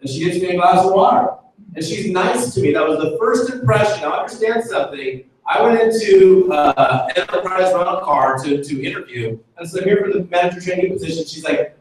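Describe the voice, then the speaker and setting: A man's voice: high-pitched, fairly quick. Man telling stories in an echoey hall. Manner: energetic, joking storytelling to an audience. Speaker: motivational speaker. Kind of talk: live motivational talk. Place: event room with an audience. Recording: echoey hall from far off, faint noise.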